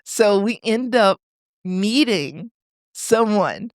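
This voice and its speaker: A woman from Detroit, a podcast guest, telling a family story in an animated, chatty way with frequent laughs. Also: mid-range voice, extremely slow, dry recording, studio quality. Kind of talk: conversational storytelling. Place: podcast studio.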